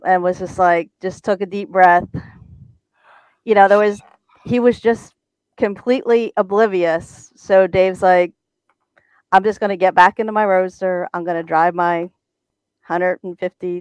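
A woman's voice: fairly low pitch, clean tone, no echo. A woman on a talk show as a guest from a race team, telling a story and often stammering and repeating words.

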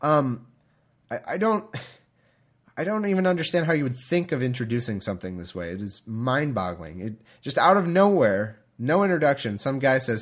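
Male podcast host, conversational reader, bemused and chatty, quick to laugh, mid-range voice. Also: medium pitch, animated. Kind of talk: reading scripture aloud with casual commentary.

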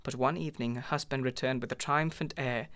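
A man reads a classic short story aloud, his voice sitting in an ordinary middle pitch. His delivery is measured and expressive, like a careful storyteller. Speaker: narrator.

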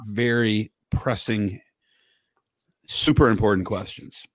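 A man's voice: fairly low pitch, no room sound. A man hosting a podcast, joking and bantering in casual chat. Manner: jokey, playful, quick banter. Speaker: podcast host.

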